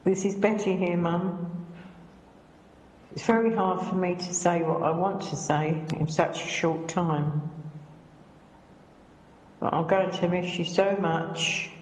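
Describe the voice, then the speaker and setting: Woman giving a soft, halting eulogy. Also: fairly low pitch, steady tone. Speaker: daughter giving a tribute. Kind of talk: recorded eulogy. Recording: echoey hall from off mic.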